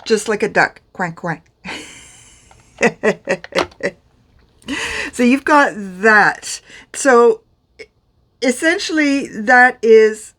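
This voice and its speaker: This beauty vlogger, a middle-aged woman from France, chats her way through a pronunciation lesson to camera, poking fun at herself. Her voice is medium in pitch with a slight brightness.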